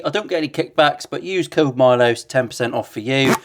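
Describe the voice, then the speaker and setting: A man's voice: on the high side, moderate pace, few pauses. A man, a luthier chatting casually and sarcastically while building a guitar in his workshop, swearing freely.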